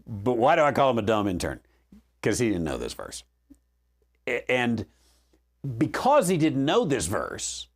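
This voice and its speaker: Animated, unhurried male Bible teacher. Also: medium pitch, breathy edge. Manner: conversational, frequent fillers and restarts, dry humor.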